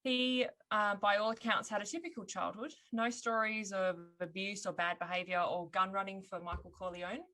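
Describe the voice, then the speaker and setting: Bright-voiced Australian woman telling a story. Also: medium pitch, fairly even intonation, normal speed, hardly any pauses. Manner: laughs often, tells a true-crime story casually. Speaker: guest host. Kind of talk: casual podcast storytelling.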